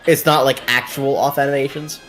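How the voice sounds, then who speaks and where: A man's voice: medium pitch, little pitch movement, a little fast, a bit bright, soft background music. A man chatting casually as a friend watching a game playthrough, enthusiastic and teasing. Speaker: friend co-commentating. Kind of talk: casual gameplay chat.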